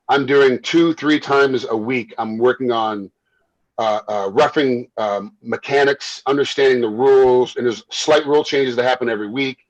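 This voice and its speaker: A man who works as a fight referee and once fought himself, telling stories in a casual interview, animated and quick to repeat himself and laugh. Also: medium pitch, no echo, muffled recording. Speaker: MMA referee and former fighter.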